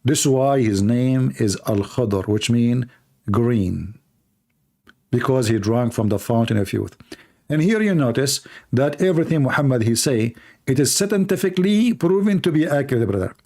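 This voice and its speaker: A man's voice: mid-range voice, lively intonation, moderate pace, a little mellow. A man hosting his own online show in a sarcastic, mocking monologue, speaking English with non-native grammar.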